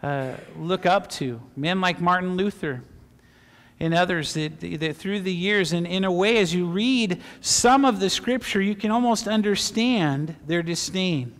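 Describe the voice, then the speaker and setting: Middle-aged male pastor, higher-pitched voice, emotional preaching style, recorded in an echoing sanctuary. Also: unhurried. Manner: impassioned, swinging from loud fervor to hushed emotion. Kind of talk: sermon. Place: church sanctuary. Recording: long reverb of a church hall.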